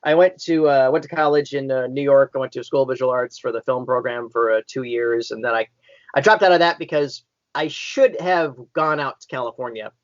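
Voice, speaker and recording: A man's voice: mid-range voice, steady tone, fairly quick, dry recording, dull audio. A man in his fifties, a podcast guest, chatting casually and rambling with many restarts and filler words. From born in Tennessee, raised in Indiana and Florida. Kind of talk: casual chat.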